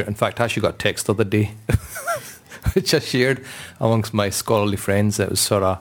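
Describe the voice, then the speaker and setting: Low-voiced man telling stories. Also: moderate pace. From Britain. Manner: animated, acts out voices in stories. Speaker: Islamic scholar guest. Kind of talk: anecdotal storytelling.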